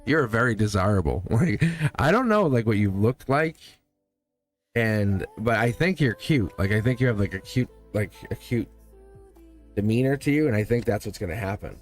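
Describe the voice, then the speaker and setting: A man's voice: on the low side, lively intonation, moderate pace, faint music behind. A man hosting a live tarot reading, chatty and reassuring, speaking straight to a viewer and often laughing.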